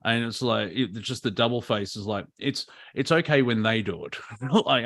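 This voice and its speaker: A man's voice: on the low side, normal speed, fairly bright tone, no echo, studio quality. An Australian man co-hosting a comedy chat, rambling and ranting with many fillers and restarts over a video call. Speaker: comedy show co-host.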